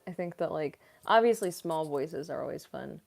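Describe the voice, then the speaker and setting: A woman's voice: deep voice, lively intonation, normal speed, creaky. A young adult woman, a voice actress, chatting casually on a live-stream Q&A, giggly and full of "like" fillers.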